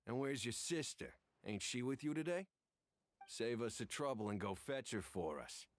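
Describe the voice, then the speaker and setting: An actor playing a gruff, intimidating male mafia thug in a video game. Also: mid-range voice, lively intonation, moderate pace, no echo, natural voice. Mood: threatening. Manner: gruff, threatening.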